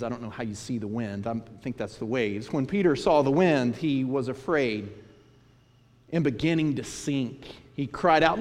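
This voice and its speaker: A man preaching a sermon, retelling scripture and stories in an animated storytelling manner. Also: mid-range voice. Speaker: pastor. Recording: long hall reverb.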